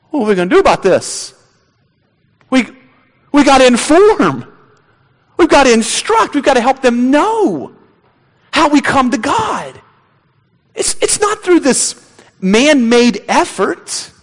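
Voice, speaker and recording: A man preaching a sermon as a pastor, animated and mocking babbling prayers as he goes. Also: extremely high pitch, slow pace, long pauses, big-room sound.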